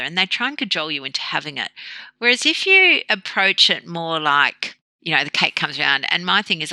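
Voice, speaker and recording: Woman, podcast guest; very bright forceful tone, animated, acts out little dialogues, dry close mic. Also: lowish voice, brisk, no room sound, rough recording. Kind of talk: conversational interview.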